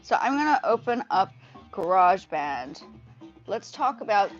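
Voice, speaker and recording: A woman's voice: medium pitch, sing-song, a little slow. A woman hosting a casual music livestream, chatting to her viewers and often restarting her phrases, recorded on a headphone mic. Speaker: livestream host composing music. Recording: slightly dull audio with music behind. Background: faint music playing.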